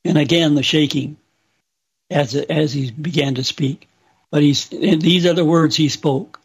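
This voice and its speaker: A man slowly and solemnly recounting a religious vision as testimony. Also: a little high, steady tone, husky. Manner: slow, deliberate, solemn. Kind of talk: slow spoken testimony.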